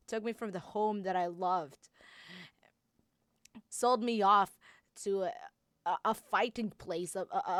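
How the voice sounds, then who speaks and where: A woman voicing a bitter, enraged young male warrior in an improvised fan performance, speaking in halting, stammering bursts. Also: mid-range voice, sharp tone, clean tone, no room sound, studio quality. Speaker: voice actor.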